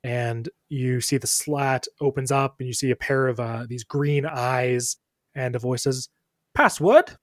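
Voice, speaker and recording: A man's voice: medium pitch, unhurried, no echo. Man narrating a tabletop game, dry mic. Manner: relaxed, conversational, filler-heavy. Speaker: dungeon master.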